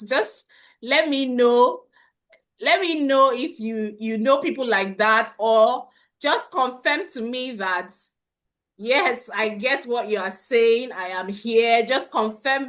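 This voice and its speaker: A middle-aged woman leads a live parenting webinar at a slow, unhurried pace. Her voice sits a little high, and she circles back over her points, often asking viewers to confirm in the chat. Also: fairly bright tone. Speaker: parenting coach.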